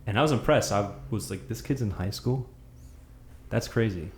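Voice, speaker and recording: A man's voice: fairly low pitch, normal speed. A man hosting a podcast interview in an easygoing way, leading with questions about his friend's past. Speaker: podcast host. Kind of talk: casual interview. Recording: echoey room with faint noise.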